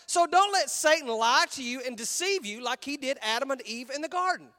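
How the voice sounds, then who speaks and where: A man with a Texan accent preaching a conversational, animated sermon in a large church auditorium, acting out voices as he goes. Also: very high-pitched, fairly quick. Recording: long hall reverb.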